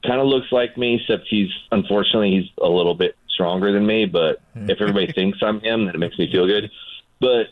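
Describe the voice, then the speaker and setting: A man who is a former pitcher, chatting as a radio guest and telling a story with lively acted-out voices. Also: quick pace, no room sound. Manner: animated storyteller, acts out voices. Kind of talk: casual radio chat. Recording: tinny phone line.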